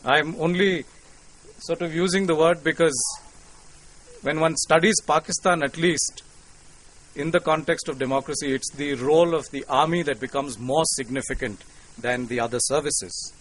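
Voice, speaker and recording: A man with an Indian English accent giving a formal, courteous public lecture to an audience, measured and lightly humorous. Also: on the high side, steady tone, fairly bright tone, low-quality recording. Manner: courteous, measured, with cricket quips. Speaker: invited lecturer. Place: lecture hall.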